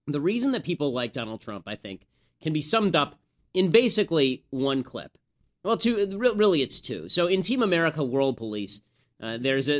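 A man hosts a political commentary podcast. He talks in a brisk, opinionated way, with a wry edge, at a middle pitch. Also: a bit bright. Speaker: host.

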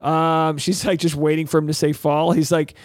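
A chatty man hosting a casual recap, his voice sitting a bit high for a man. He rambles along and slips into put-on voices for quotes. The sound is dry and close to the mic, with no room around it. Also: flat delivery, moderate pace, no echo. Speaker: host. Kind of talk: casual reality-TV recap monologue.

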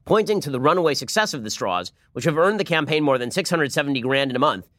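A man delivers political commentary in a rapid-fire, argumentative torrent. His voice sits a bit high, and his sarcasm cuts through constantly. The studio sound is dry and close. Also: lively intonation, fairly bright tone, no room sound.

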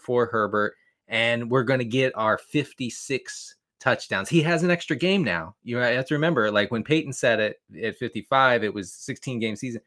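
A man joins a podcast as a fantasy football analyst, talking excitedly and jokingly with frequent stammered restarts. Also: medium pitch. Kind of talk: casual chat.

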